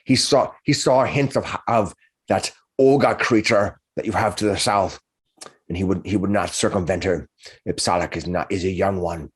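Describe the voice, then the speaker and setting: A man narrating as game master of a tabletop game, halting and repeating words as he goes. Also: low voice, slightly rough.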